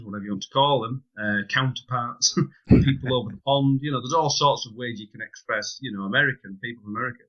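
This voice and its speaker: A man talks through business ideas in a relaxed podcast chat, his voice bright and forceful. He explains things with lively asides and a touch of humour. The recording sounds a little dull and lo-fi. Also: mid-range voice. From United Kingdom. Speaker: podcast co-host.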